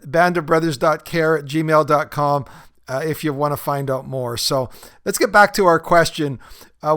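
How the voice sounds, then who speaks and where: A man hosts his own podcast in an easy, rambling style, full of ums and small laughs. His voice sits a bit high and stays smooth and clear throughout. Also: a bit bright. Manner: conversational, many fillers, laughs at his own stories. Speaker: podcast host and recovery group leader. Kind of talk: casual solo podcast talk.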